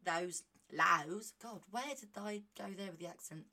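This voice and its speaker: A woman talking casually on her own podcast, animated and self-mocking, reading aloud with chatty asides. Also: medium pitch, a little fast. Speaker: podcast host. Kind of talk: casual solo monologue.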